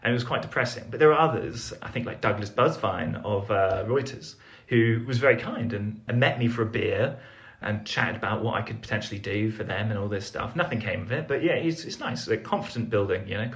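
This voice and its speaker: His voice is on the low side, slightly bright, fairly quick and lively in intonation. This young English podcast guest, a foreign correspondent, tells a casual, rambling story that pokes fun at himself, with plenty of fillers and restarts.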